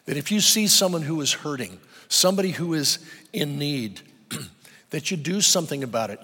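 A man's voice: fairly high pitch, fairly bright tone, slightly rough. A pastor preaching a sermon, earnest and emphatic, asking his listeners rhetorical questions. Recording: long reverb of a large hall.

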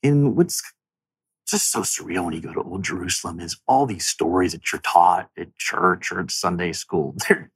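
A man's voice: deep voice, moderate pace, husky, no echo. A man in his thirties, an interview guest telling an emotional personal story in an earnest, reflective way, his voice rising as he speaks.

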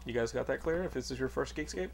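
A man's voice: mid-range voice, fast, creaky. A man hosting a casual interview chat, joking and self-mocking. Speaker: show host.

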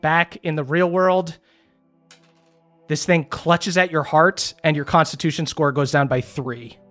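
Laid-back gm narrating a tabletop game, ums and swears, even middle voice. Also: medium pitch, measured pace, soft background music. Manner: casual, with fillers and swearing. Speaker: game master.

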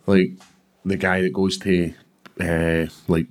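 A Scottish man in his thirties with a very low, deep voice. He is a professional fighter and talks about his life bluntly and plainly, with casual swearing, in a sit-down interview. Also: flat delivery, takes it slowly. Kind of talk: candid storytelling in conversation.

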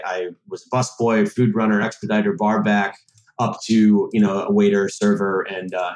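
With a low, darkish voice, this thirtysomething man from Massachusetts rambles through a casual podcast chat as a guest. He keeps restarting sentences and leaning on fillers, and the room echoes noticeably.

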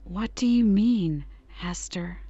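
Motherly storybook housekeeper, hushed and firm, read by a woman, dark mellow tone. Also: medium pitch, takes it slowly, highs cut off. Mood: scolding. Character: motherly older housekeeper woman, brisk but kind.

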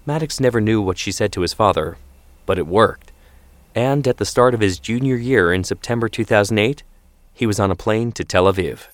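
A man narrating a scripted story in a measured storytelling manner. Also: on the low side, no echo.

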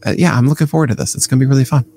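A man's voice: medium pitch, very fast, creaky, warm tone, a little hiss or hum. A man co-hosting a casual baseball podcast, playful and teasing, rambling through his picks. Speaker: podcast co-host.

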